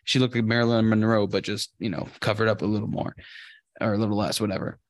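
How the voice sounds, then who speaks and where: A man's voice: on the low side, little pitch movement, quick pace, dry recording, studio quality. A young man on a podcast, telling a rambling story full of filler words and swearing. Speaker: podcast co-host. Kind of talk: casual podcast chat.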